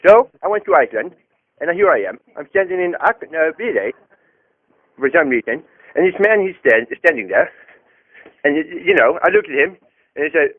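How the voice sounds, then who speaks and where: A man's voice: on the high side, big pitch swings, brisk. A man telling a rambling comic story on a prank phone call, hesitant and full of fillers and restarts. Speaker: prank caller. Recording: tinny phone line.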